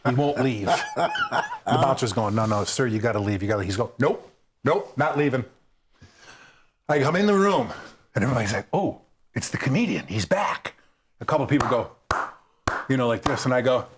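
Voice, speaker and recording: A man's voice: mid-range voice, normal speed, pauses often, slight background noise. A man, a stand-up comedian and guest, telling a road story and acting out the people in it. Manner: animated, acts out the people in his stories.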